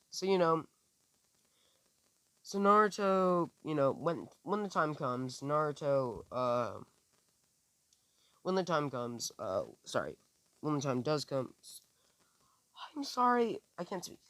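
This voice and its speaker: Casual man, mid pitch, loose improvised storytelling with lots of restarts. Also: sharp tone, no room sound. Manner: rambling, with many restarts and fillers. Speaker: amateur storyteller. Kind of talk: improvised fan-fiction storytelling.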